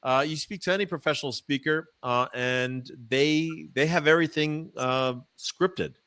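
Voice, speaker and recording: A man, a professional speaker, answering interview questions in a chatty, animated way with many fillers and restarts, using a practiced voice dropped low from the diaphragm. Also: normal speed, smooth, dry recording. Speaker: professional speaker, podcast guest. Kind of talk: casual interview answers, storytelling. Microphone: microphone.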